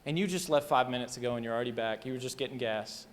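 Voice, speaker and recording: A man preaching a storytelling sermon, animated and rambling, often interrupting himself. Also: medium pitch, rapid-fire, in a large hall. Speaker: pastor. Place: church hall.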